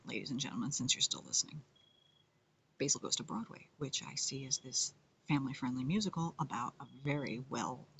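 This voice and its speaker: A playful, self-mocking comedian and musician rambles through a casual monologue, often dropping into whispers. The voice has a gravelly, fry-laden texture at a middle pitch, with faint noise behind it. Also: bright, forceful tone.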